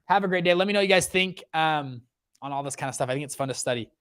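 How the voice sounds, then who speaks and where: A man in his thirties, the host, giving a casual rant about economics, lively and full of restarts and acted quotes. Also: a little high, very fast, clean tone. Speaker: host, fund manager.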